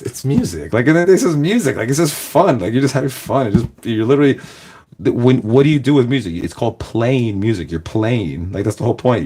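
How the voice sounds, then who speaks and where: This Los Angeles man's voice is medium in pitch, with a darkish tone and a breathy edge. Hosting a reaction video, he keeps up a rambling casual chat, fills each phrase with "like," and laughs a lot.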